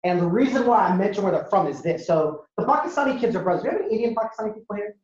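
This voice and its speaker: Young guy from ohio doing a storytelling set, super animated, big echoey hall, kinda muffled. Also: racing. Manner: animated, acts out characters with sudden jumps in pitch. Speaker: comedian and speaker. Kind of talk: storytelling stand-up talk to an audience. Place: university lecture hall. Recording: echoey hall, dull lo-fi sound.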